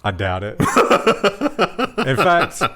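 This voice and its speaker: A man's voice: on the high side, huge pitch swings, extremely slow, sharp tone. A man co-hosting a casual tech news show, joking wryly and trailing off into restarts.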